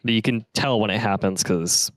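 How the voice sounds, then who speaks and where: A man's voice: on the low side, normal speed, no echo, studio quality. A man narrating as game master for a tabletop game, setting scenes casually with fillers.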